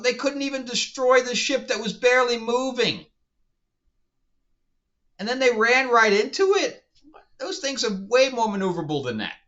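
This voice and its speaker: Incredulous man ranting, bright lo-fi voice. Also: high-pitched. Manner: incredulous, exasperated, laughs often. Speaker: TV show reviewer. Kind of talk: casual review rant. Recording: dull lo-fi sound.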